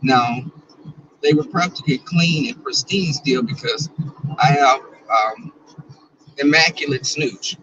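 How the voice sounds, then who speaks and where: A vlogger chats to viewers while driving in his car, bawdy, playful and casual, reading their comments aloud. His fairly high voice is slow, pushed and bright, recorded far from the mic with lo-fi sound and a little hiss or hum.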